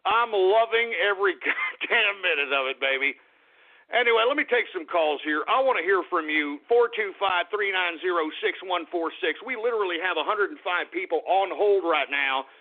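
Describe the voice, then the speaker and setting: A man hosting a talk radio show, ranting in a gloating, mocking way, shouting and cackling. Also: sits high, lively intonation, normal speed. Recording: phone-like lo-fi radio broadcast.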